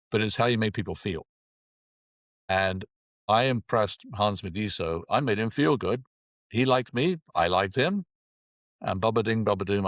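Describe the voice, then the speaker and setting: A man in his sixties from England, a guest telling lively anecdotes in conversation and acting out the dialogue. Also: on the low side, dry recording. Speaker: interview guest. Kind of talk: conversational storytelling.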